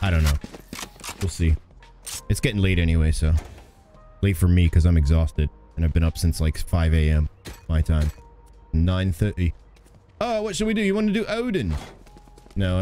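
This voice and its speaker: A man streaming a game live, chatting casually, cracking jokes, swearing and playing up a mock Australian twang. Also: deep voice. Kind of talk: casual live gaming commentary. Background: game music and gunfire.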